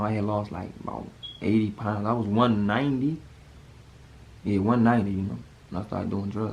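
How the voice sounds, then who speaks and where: A man, telling a personal story to camera in a casual, animated way that leaps up in pitch when he acts out panic. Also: a little hiss or hum. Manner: animated, jumps high when acting out panic.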